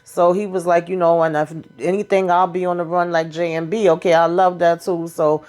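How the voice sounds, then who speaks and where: Sassy female recap host with a lowish voice, chatty, acts out the lines. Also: little pitch movement, a little fast, a little mellow, soft background music. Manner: sassy, talks to the characters, acts out the dialogue. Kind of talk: casual TV episode recap.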